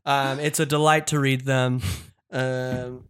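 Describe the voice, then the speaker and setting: A man co-hosting a podcast, thanking listeners and steering the talk in a friendly, halting way with fillers. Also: mid-range voice, flat delivery, fairly bright tone, clean tone. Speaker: podcast co-host. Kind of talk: casual podcast chat.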